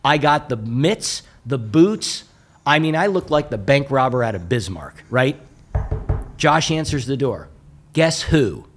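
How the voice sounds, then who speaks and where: An American motivational speaker with an unhurried, mid-range voice spins a story full of jokes. His storytelling talk is animated and often breaks off into remarks to the audience.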